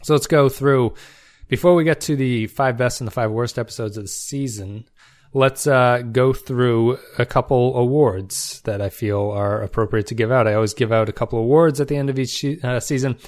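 A man's voice: medium pitch, normal speed, a little mellow. A man hosting a solo review podcast, talking in a loose conversational way with frequent fillers and restarts. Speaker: podcast host.

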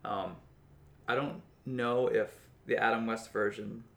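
A man's voice: on the low side, level tone, takes it slowly, gravelly, fairly bright tone. A man co-hosting a casual chat about a cartoon, enthusiastic and easygoing with frequent fillers. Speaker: podcast co-host.

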